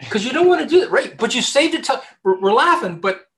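A man, a headhunter, giving job-hunting advice in a casual interview, talking in an animated way with many restarts. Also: very high-pitched, fast talker. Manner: animated, chatty, many restarts and repeated words.

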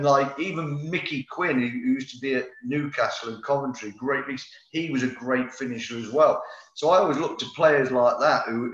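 With a fairly bright voice on the high side, this middle-aged ex-footballer rambles through anecdotes during a relaxed interview, restarting often and using plenty of fillers. The sound is roomy and a bit dull.

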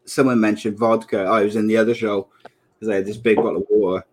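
A man's voice: on the low side, little pitch movement, fast, slight background noise. A man in his thirties co-hosting a podcast in casual, joking chat, often laughing at his own jokes. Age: 30s. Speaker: podcast co-host.

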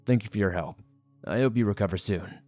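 A man voicing a middle-aged male sheriff who questions an accident victim calmly and pointedly, in a horror story reading. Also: fairly low pitch, brisk, no echo, soft background music, lightly acted. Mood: probing. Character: middle-aged male small-town sheriff, probing and measured.

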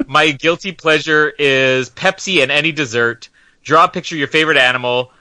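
A man's voice: on the high side, huge pitch swings, moderate pace, long pauses, bright, forceful tone, a little hiss or hum. A man guest in a casual chat who reads lightheartedly and giggles a lot. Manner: giggly, playful.

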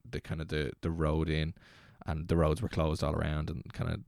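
Low gravelly Irish young man. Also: moderate pace, dry recording, studio quality. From Ireland. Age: 20s. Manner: rambling, excitable, laughs while telling. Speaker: guest DJ. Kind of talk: casual storytelling.

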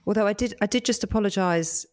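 A middle-aged woman co-hosting a podcast in casual chat, earnest and reflective, slowing down to make her points. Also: mid-range voice. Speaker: podcast co-host.

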